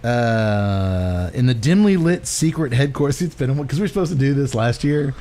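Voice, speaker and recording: Animated, laughing podcast host man. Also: mid-range voice, brisk. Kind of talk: casual chat recapping a movie.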